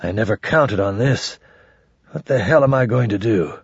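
A man voicing a gruff, weary schemer. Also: on the low side, animated, moderate pace, no echo, muffled recording. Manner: gruff, terse muttering.

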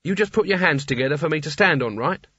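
Guy reading as a snappy young woman, flat and bossy, a bit high, dull dry audiobook audio. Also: fast talker, husky, dry recording. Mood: curt. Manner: curt, flat, firm. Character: brisk, irritable young woman.

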